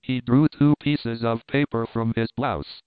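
A man reading an adventure novel aloud in steady, measured narration. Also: medium pitch, no room sound. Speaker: audiobook narrator. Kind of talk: scripted narration. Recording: crisp, dry, phone-like narrow sound.

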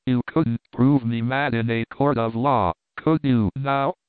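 A man voicing a haunted, agitated middle-aged sea captain who speaks in a hushed, urgent way. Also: mid-range voice, steady tone, a little slow, clear, resonant tone, no echo, natural voice. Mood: defiant. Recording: narrow phone-like band.

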